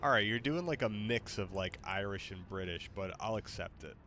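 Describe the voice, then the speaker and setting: A man's voice: on the low side, animated, moderate pace, noisy background. A man streaming a game, exclaiming in panic and joking with his AI companion. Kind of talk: casual game commentary.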